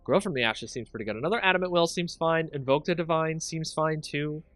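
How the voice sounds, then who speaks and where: A man hosting a stream, commenting casually on his game picks and talking with chat, excitable and quick to laugh. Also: on the high side, dry recording. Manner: excitable, chatty, thinks aloud and laughs a lot. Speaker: streamer and channel host.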